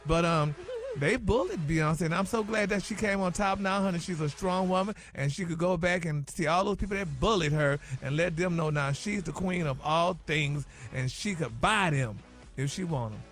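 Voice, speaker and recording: A man's voice: fairly high pitch, normal speed, fairly bright tone, faint music behind. A man delivering celebrity gossip on morning radio in a sassy, chatty way, tossing in "honey" and "y'all" all the time.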